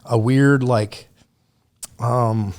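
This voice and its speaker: Male podcast guest, mid-pitched, laid-back and profane, easy storyteller on a studio mic. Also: fairly even intonation, extremely slow, darkish tone. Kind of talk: casual storytelling chat.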